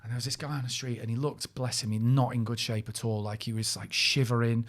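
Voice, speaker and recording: Man, podcast co-host, quick storyteller with a laugh. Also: medium pitch, level tone. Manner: storytelling, laughs often, mimics people he quotes. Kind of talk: casual chat.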